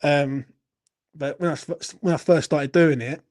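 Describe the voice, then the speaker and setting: A man's voice: a little high, fairly even intonation, measured pace, darkish tone. A young man, hosting a late-night football Q&A and chatting casually. He swears a lot and teases viewers. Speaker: football channel host. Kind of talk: casual live Q&A chat.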